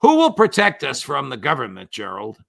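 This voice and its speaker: An older man, a former judge, giving measured but indignant political commentary with sarcastic asides. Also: mid-range voice, wildly swooping pitch, creaky, fairly bright tone, no room sound.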